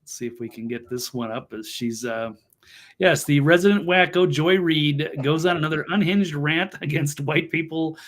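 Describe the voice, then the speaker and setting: A man hosting a political talk show, speaking with deadpan irony and lots of fillers. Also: a little high, moderate pace. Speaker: host.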